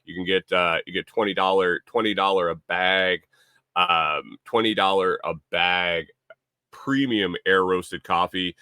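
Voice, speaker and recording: Guy rambling on his morning livestream, bright forceful voice, kinda low, dry sound. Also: fairly even intonation, unhurried, clear, resonant tone, dry recording. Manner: rambling, repeats himself, casual swearing; reads viewer chat aloud. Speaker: livestream host. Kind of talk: casual live-stream chat.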